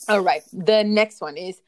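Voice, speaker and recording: A woman's voice: mid-range voice, slow. A woman with a foreign accent hosting a casual podcast chat, upbeat and giggly, often trailing off mid-sentence. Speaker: podcast host.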